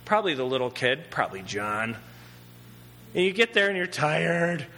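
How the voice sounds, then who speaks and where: A man preaching a sermon in a conversational, animated way, acting out characters as he tells the story. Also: on the high side, normal speed, in a large hall.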